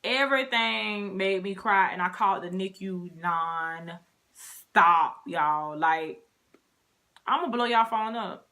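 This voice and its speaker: A young woman vlogger telling her story in a casual, animated way, talking straight to her viewers. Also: mid-range voice, takes it slowly.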